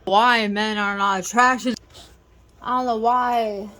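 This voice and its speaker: A woman's voice: a little high, steady tone, takes it slowly, bright, forceful tone, rough recording. A woman chatting to her camera in a casual vlog, self-mocking and laughing often. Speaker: vlogger.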